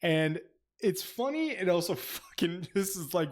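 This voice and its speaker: A man co-hosting a casual book club podcast, laughing often and swearing as he retells scenes in animated fashion. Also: sits high, unhurried. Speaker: podcast co-host.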